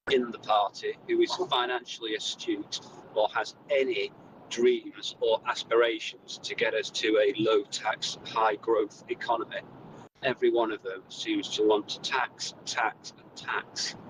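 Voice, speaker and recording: Male radio caller, lowish voice, forthright, car noise behind him. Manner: forthright, opinionated. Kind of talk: phone-in opinion.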